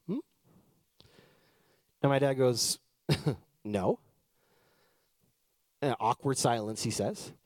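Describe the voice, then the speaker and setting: A man in his thirties from Canada, a pastor telling a personal story in a chatty, animated sermon style. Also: medium pitch, a little slow, dry recording, clean studio sound.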